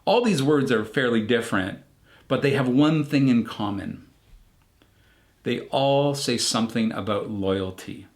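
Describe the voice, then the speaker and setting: Slow, measured male pastor preaching. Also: medium pitch. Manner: measured, reflective preaching with emphatic pauses. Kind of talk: recorded online sermon.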